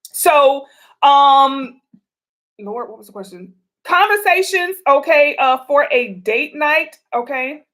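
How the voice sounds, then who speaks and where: A woman's voice: high voice, expressive, slow, fairly bright tone. A woman hosting a casual advice vlog, talking chattily to viewers with colloquial asides as she answers their questions. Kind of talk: casual relationship advice talk.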